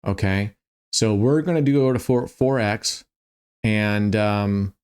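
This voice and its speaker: This roulette streamer sounds worn out and yawns as he talks, his voice lowish, slow, slightly mellow and smooth. He thinks out loud about his betting strategies in a casual way, often stopping and starting over.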